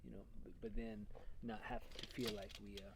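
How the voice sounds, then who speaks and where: A man's voice: lowish voice, flat delivery, brisk, gravelly, a little hiss or hum, poor audio. A man co-hosting a casual conversation, speaking reflectively and searching for his words. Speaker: podcast co-host.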